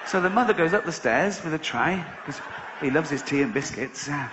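Fairly quick and animated, with a fairly high pitch, a middle-aged man from England performs stand-up comedy. He chats conversationally, swears freely and frequently laughs at his own jokes, in an echoey, dull live-venue recording with background noise.

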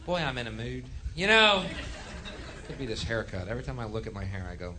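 A man doing live stand-up comedy, ranting in a profane, sardonic way that swings from mutters to shouts. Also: mid-range voice, expressive, fairly quick, background noise. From United States. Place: comedy stage.

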